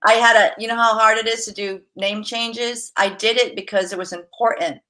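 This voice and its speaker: Bright-voiced woman telling lively stories. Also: fairly high pitch, moderate pace. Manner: lively storyteller, laughs often, acts out quotes. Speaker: guest, massage therapist. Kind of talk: casual interview chat.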